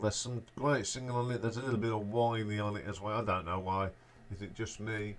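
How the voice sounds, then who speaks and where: A man casually ranking albums as a show host, speaking in a relaxed, offhand way and trailing off at the ends of his remarks. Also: medium pitch, a little hiss or hum. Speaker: music reviewer, show host.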